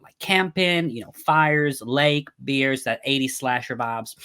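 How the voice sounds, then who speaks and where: A man's voice: medium pitch, fairly bright tone. Chatty male horror podcast host. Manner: chatty and playful, with many fillers. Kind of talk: casual podcast chat.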